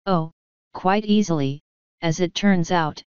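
A woman reading the part of a retired older male colonel, speaking in a measured, wry and quietly scornful way. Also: on the low side, clear, resonant tone, dry recording, natural voice. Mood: dry wry. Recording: dull lo-fi sound.

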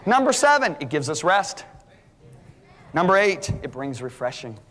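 A middle-aged male preacher giving an animated sermon, full of stories, his voice climbing high for the punchlines. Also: moderate pace. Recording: long hall reverb.

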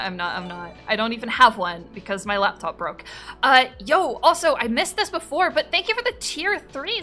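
A woman's voice: on the high side, sharp tone. A woman streamer chatting casually on a live stream, playful and profane as she reads out chat and thanks subscribers.

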